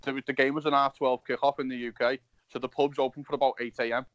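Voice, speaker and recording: A man's voice: mid-range voice, little pitch movement, fast talker, dry recording. Scouse guy in his 30s spinning a wild sweary story, muffled dead-dry recording. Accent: Liverpool. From Liverpool, England. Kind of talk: casual chat.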